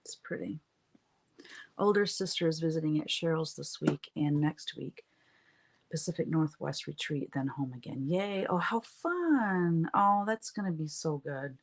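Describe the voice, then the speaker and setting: A woman's voice: sits low, moderate pace, gravelly. A middle-aged woman, chatting with viewers while she paints on a livestream, rambling and laughing often. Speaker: livestream craft host.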